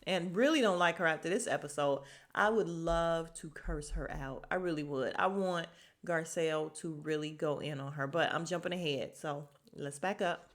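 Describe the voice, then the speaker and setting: A woman's voice: deep voice, moderate pace. A woman hosting a podcast, recapping a reality show in casual, blunt, profane chat and laughing often. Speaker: podcast host.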